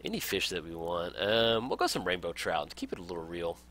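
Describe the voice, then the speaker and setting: Upbeat young man with a lively voice. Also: low-pitched, a little fast. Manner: upbeat, enthusiastic, laughs often. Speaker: gaming let's play host. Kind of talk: casual game tutorial commentary.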